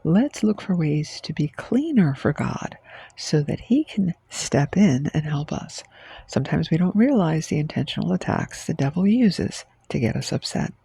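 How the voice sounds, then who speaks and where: A man giving a short devotional message in an earnest, gentle preaching manner. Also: a little high, sing-song, normal speed, gravelly, slightly rough, no room sound. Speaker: Christian devotional speaker.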